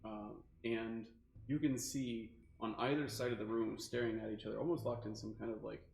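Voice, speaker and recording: A man's voice: on the low side, flat delivery, moderate pace, gravelly, darkish tone. A man narrating a tabletop game as game master, describing the scene in long, rambling sentences full of fillers. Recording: echoey room with faint music.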